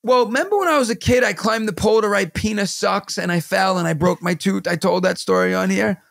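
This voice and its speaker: A man, hosting a podcast and telling stories in a casual, animated way, acting out the voices of the people in them. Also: high voice, fairly quick, creaky, no echo, studio quality. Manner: animated, acts out quoted voices in a vivid retelling. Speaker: podcast host. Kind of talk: casual storytelling chat.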